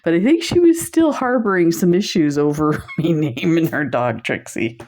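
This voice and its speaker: A woman's voice: deep voice, animated, moderate pace, a little mellow. A woman presenting beads on camera in a casual chat, telling stories and laughing often. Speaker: bead shop video presenter.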